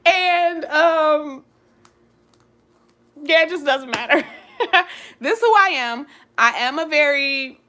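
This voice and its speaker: A young woman hosting a vlog, chatting casually and live with her viewers in an expressive, loud, giggly way. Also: sits high, slow, long pauses. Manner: giggly, laughs often. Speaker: vlog host.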